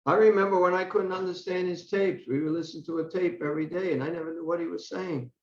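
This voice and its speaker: An older man with a high-pitched voice teaches a scripture class in a loose, conversational way. He often doubles back on his words. The recording is roomy and a little dull. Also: steady tone, quick pace. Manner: conversational, repeats words while thinking. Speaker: class speaker. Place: temple hall.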